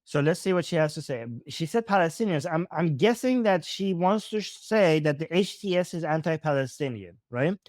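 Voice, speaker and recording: A man's voice: a little high, lively intonation, moderate pace, hardly any pauses, a little mellow, no room sound, clean studio sound. A man with a Persian accent giving casual live commentary on videos, thinking aloud with frequent restarts and self-corrections.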